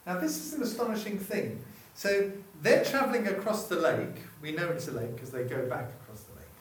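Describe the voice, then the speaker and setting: A man preaches a chatty sermon, often stopping mid-sentence to put questions to the congregation. His high voice is expressive and fairly quick, and he sounds far off in an echoey room.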